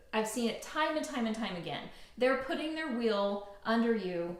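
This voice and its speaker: Middle-aged lady giving calm parenting tips, kinda high voice, roomy echo. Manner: calm, earnest advice-giving. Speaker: parenting blog host. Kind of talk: casual advice talk. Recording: echoey room.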